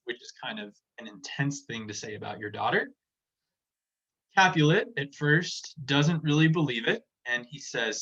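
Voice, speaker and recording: A man's voice: mid-range voice, expressive, moderate pace, a bit bright. A man teaching a class in a casual, chatty way, paraphrasing the text in plain words. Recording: dull lo-fi recording.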